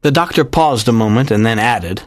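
A man narrating a dramatized audiobook in a measured, even storytelling manner. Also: medium pitch, no echo, studio quality.

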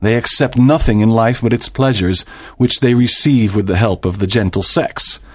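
A man's voice: lowish voice, moderate pace, breathy edge. A man voicing a stern, proud doctor and father in a dramatized audiobook, speaking formally and with emphasis.

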